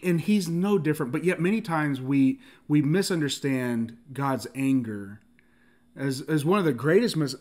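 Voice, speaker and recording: A man preaches in a relaxed, conversational way, his voice sitting a touch higher than most men's. He is animated and laughs often, voicing the characters in the story as he goes, and he stumbles and restarts, leaning on filler words. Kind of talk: casual sermon.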